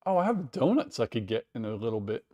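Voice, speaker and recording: A man's voice: medium pitch, very animated, fast, a little mellow. A man hosting a casual live watch-along stream, chatting with viewers, reading out their messages and reacting with surprise. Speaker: livestream host.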